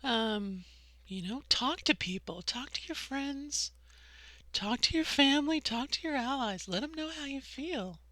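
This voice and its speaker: A middle-aged woman vlogging a personal monologue, impassioned and conversational, often checking in with a quick "okay?". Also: high voice, expressive, sharp tone, no room sound.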